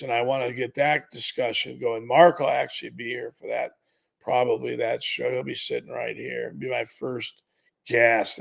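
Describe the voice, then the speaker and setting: A man's voice: mid-range voice, creaky. A man in his fifties hosting a live sports betting show, upbeat and talking straight to his viewers, whom he keeps calling "gurus". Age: 50s. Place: studio.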